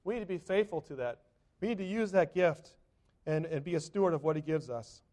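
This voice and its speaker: A pastor with a warm, fairly high voice preaches a sermon at a quick pace. He keeps it conversational, often putting questions to the congregation and acting out quotes.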